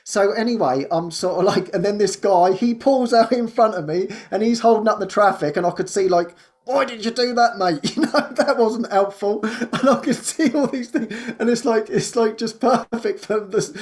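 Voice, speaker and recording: Man talking in halting, repeated restarts. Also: sits high, darkish tone. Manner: laughs often while talking. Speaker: podcast host. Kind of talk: casual spiritual conversation.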